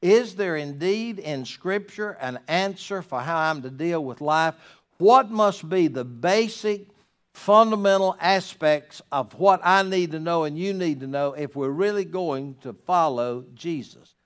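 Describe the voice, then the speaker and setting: A man preaching a sermon as pastor to his congregation in church, emphatic, swinging between loud rises and quiet drops. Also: a little high, animated, a little slow, smooth. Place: church sanctuary.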